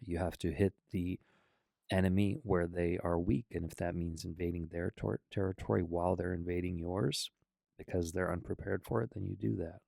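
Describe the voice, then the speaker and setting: A man's voice: sits low, gravelly, a little mellow, no echo. A man hosting a political reaction commentary, arguing bluntly and emphatically against what he has just played. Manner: blunt, argumentative, emphatic rebuttals.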